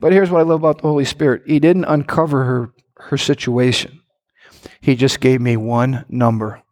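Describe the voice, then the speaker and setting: A middle-aged man, a pastor, preaching a sermon with animated storytelling and frequent questions to his congregation. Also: moderate pace. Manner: animated storytelling with lively pitch swings and direct questions to the congregation.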